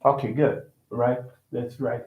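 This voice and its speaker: A man's voice: mid-range voice, steady tone, measured pace. A man teaching English in a casual online lesson, repeating words to model pronunciation and checking that his student understands. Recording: roomy, dull lo-fi sound.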